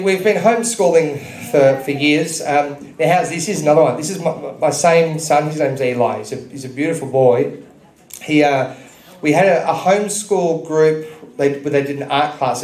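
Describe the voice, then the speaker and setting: A man in his thirties addresses a public gathering in a club function room, giving an earnest, preachy speech and telling stories. His voice is a little high and a little mellow, heard in an echoey hall.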